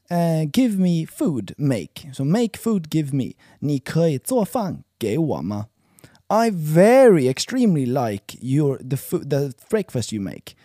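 A man practises a dialogue with a friend and jokes about his own slips. His voice sits fairly high and swings widely. It sounds close and dry. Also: mellow, dry recording. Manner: joking, self-mocking. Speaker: language learner. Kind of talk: casual language practice.

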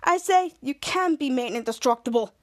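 A woman's voice: high-pitched, expressive, normal speed, no room sound. A woman voicing an eager teenage boy in close to her own voice.

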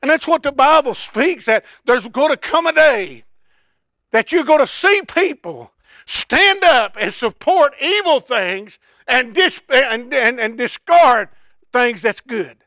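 An older man preaching a folksy, impassioned sermon that swells into shouts. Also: very high-pitched, animated, slow pace, no echo, studio quality.

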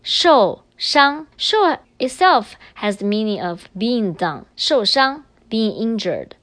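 A woman teacher walks through grammar patiently, switching between English and Chinese. Her voice sits a little high and swings widely in pitch. The recording is dry and close. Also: very animated, takes it slowly, a bit bright, no room sound. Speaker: language teacher. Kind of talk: explaining grammar in a recorded lesson.

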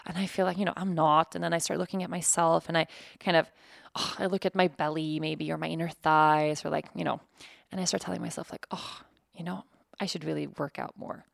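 A woman's voice: deep voice, flat delivery, brisk, gravelly, no room sound, clean studio sound. A woman host and yoga teacher talking openly and reflectively about her own life, searching for words with fillers and restarts. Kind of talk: candid personal reflection.

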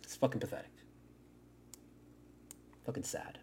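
A man hosting a fan podcast, ranting with heavy swearing and swinging from loud outbursts to low mutters. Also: unhurried, a little hiss or hum. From Miami area. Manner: profane, excitable, swings between shouting and muttering. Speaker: podcast host. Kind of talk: fan commentary rant.

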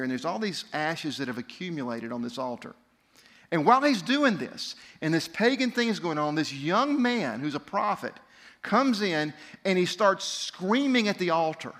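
A man's voice: mid-range voice, a bit bright. A man preaching, retelling a scripture story in a conversational way, reading verses aloud and briefly voicing the people in it. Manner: reads scripture aloud with emphasis. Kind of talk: sermon storytelling.

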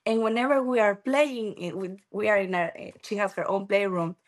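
A woman's voice: mid-range voice, moderate pace. A woman from Ecuador, a native Spanish speaker with a Spanish accent, chatting as an interview guest and laughing often as she tells family stories. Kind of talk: casual interview.

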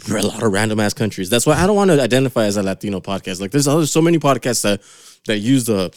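Brief: young man co-hosting a podcast, lively swinging pitch, crude joking banter, dry close mic. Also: quick pace, no echo. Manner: animated, joking, swears a lot, breaks into laughs. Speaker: podcast co-host.

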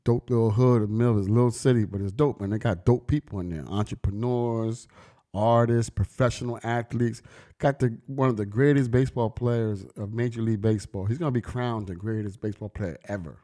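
A man's voice: lowish voice, steady tone, brisk, dark tone. A middle-aged man vlogging in casual, slangy street talk, telling stories emphatically and preaching to his listeners. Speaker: vlogger and brand owner.

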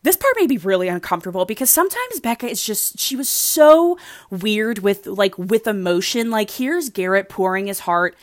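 A woman talks through a reality show episode in a casual, gushing ramble, filling her sentences with "like." Her voice sits at an ordinary middle pitch. It is recorded dry and close, with no room sound around it. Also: very animated, moderate pace, no echo. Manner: gushing, rambling, heavy use of "like". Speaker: reality show recap host. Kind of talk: casual chatty recap.

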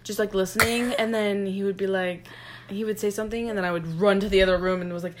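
A woman's voice: mid-range voice, steady tone, fast, noisy background. Chatty laughing young woman. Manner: chatty, laughing, backs up the story with frequent mm-hmms. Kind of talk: casual storytelling chat.

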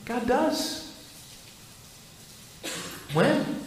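A man's voice: very high voice, very animated, extremely slow, slight background noise. A male pastor preaching a sermon in a church, with an earnest, repetitive preaching cadence. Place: church sanctuary. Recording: echoey church hall.

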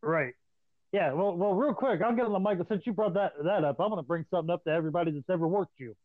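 A man casually swapping profane stories in an animated, storytelling way. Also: sits high, fast, no room sound. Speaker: podcast host. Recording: dry, tinny phone-like line.

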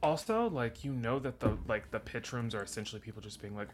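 A man's voice: medium pitch, lively intonation, fast, a little hiss or hum. A man co-hosting a podcast, chatting casually and joking, with lots of fillers like "like" and "um". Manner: rambling, filler-heavy, joking. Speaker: podcast co-host. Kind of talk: casual chat.

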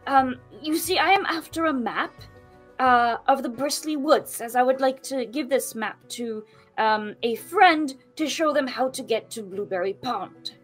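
Super polite fussy traveler played by a woman, stammers a lot, high voice, faint music behind. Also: a little slow. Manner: stammering, old-fashioned courtesy.

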